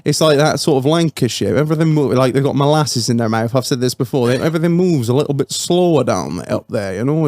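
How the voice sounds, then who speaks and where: A man's voice: mid-range voice, lively intonation, quick pace, few pauses, darkish tone, dry recording, clean studio sound. A man hosting a podcast, chatting casually and rambling as he reviews a beer, swearing often. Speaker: podcast host.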